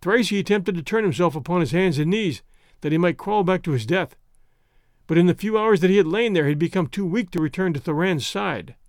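A man narrates a serialized adventure story in a measured, steady way. His voice sits slightly high for a man. The sound is dry and close, as in a studio. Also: dry recording. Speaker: audio story host and reader. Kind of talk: scripted narration.

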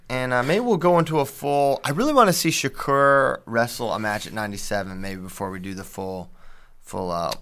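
Man, bright tone, casual sports podcast host, animated recounting. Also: mid-range voice, a little fast, clean tone.

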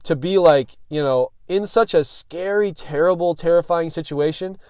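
A young man with a slightly high voice tells a story on his podcast. His talk is loose and slangy, packed with "like" and "dude", and he swears freely. The sound is dry and close. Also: normal speed, darkish tone, smooth, dry recording. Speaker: podcast host.

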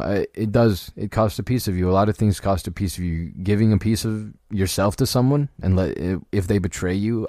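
A man hosting a solo podcast, talking casually and haltingly about a book, often restarting and laughing. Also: low-pitched, mellow, dry recording, clean studio sound. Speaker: podcast host reviewing a book.

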